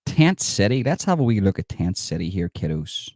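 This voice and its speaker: Guy doing sarcastic live commentary, lowish voice, dry close sound. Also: moderate pace, no room sound. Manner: mock-approving sarcasm, excitable outbursts. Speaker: satirical commentator.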